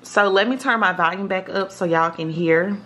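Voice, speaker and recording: Speaking at a normal speed with a medium pitch and fairly bright tone, this woman runs a casual app tutorial as a vlogger. Her manner is chatty, and she often pauses to ask her viewers "okay?".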